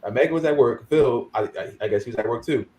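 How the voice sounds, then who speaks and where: A man co-hosting a wrestling podcast, telling a story in animated, slangy casual chat. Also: medium pitch, fast. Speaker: podcast co-host.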